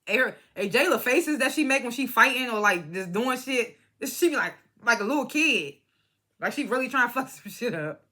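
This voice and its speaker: Young woman, bright and forceful voice, casual profane TV recap, blunt opinions. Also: fairly high pitch, lively intonation, moderate pace. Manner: blunt, profane and opinionated, mimics cast members. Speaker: reality TV recap vlogger. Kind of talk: casual reality show review.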